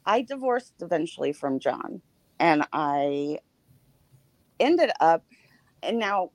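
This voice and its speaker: Low-voiced middle-aged woman telling a story. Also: very animated, no room sound. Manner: personal storytelling, halting with fillers. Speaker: podcast panelist. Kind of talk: casual chat.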